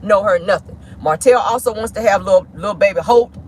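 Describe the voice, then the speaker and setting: A woman's voice: medium pitch, a little fast, a little hiss or hum. A woman, hosting casual celebrity gossip commentary with sassy, slangy asides. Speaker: host. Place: in a vehicle.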